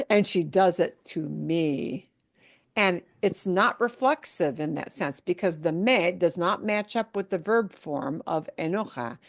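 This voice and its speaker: A woman leading a class lesson at an unhurried pace. Her pitch moves around a great deal, lively and expressive. She explains with examples and keeps pausing to ask whether her students are following. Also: gravelly. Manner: patient, explains with examples and frequent check-ins. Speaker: Spanish teacher.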